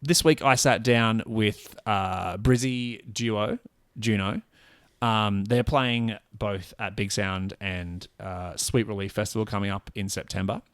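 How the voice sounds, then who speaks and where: A man co-hosting a music podcast in relaxed banter, laughing often. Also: on the low side, slow, no room sound, studio quality. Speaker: podcast co-host. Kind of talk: casual chat.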